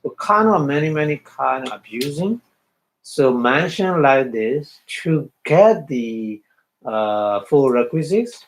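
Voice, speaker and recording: A man giving a dharma talk as a Buddhist meditation teacher, halting, repeating phrases and checking in with his listeners. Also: medium pitch, expressive, low-quality recording.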